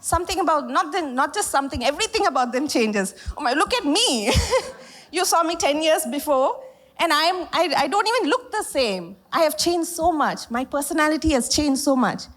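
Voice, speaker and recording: A woman in her thirties giving a lively sermon on stage to a congregation and leading call-and-response. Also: sits high, moderate pace. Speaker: pastor's wife and co-leader. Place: church hall, standing on stage.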